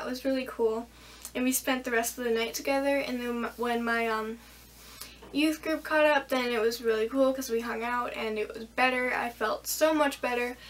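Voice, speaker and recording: Young female vlogger, high voice, chatty storyteller who quotes people, slightly off-mic. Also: far from the mic. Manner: rambling, animated retelling with quoted dialogue. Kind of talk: casual storytelling. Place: bedroom.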